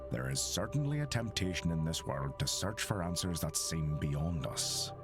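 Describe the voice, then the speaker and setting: A grave, deep-voiced reverend. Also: male voice, lively intonation, normal speed, over music. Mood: solemn. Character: stern middle-aged male reverend preaching. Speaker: reverend giving a sermon. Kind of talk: solemn game voice acting, sermon.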